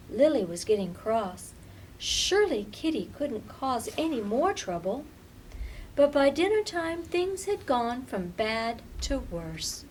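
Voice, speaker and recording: A woman librarian reading a picture book aloud to children, expressive and with dramatic pauses. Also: on the high side, slightly rough, rough recording. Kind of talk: storybook read-aloud.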